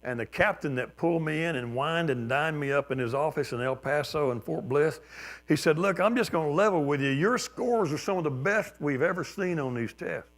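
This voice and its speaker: An older man preaching a sermon, telling folksy personal stories and acting out quotes, at times much louder. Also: a little high, lively intonation, normal speed. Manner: folksy storytelling, acts out quotes with shifts in loudness. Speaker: pastor. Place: church sanctuary.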